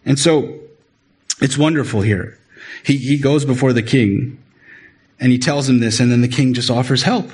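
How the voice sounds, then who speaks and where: Husky-voiced man preaching a sermon. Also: normal speed, pauses often, a little mellow. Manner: earnest, rises in pitch when stressing a point, repeats words. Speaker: pastor.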